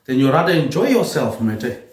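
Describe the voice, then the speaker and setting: A man rambling through a solo vlog monologue, repeating words and tagging his lines with a low "mate, eh". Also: sing-song, normal speed, darkish tone. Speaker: vlogger. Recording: roomy echo.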